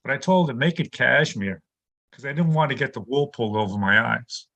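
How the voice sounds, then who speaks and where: A man from New York doing pun-based stand-up over a video call, delivering deadpan one-liners. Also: medium pitch, fairly quick, lo-fi sound. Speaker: stand-up comic.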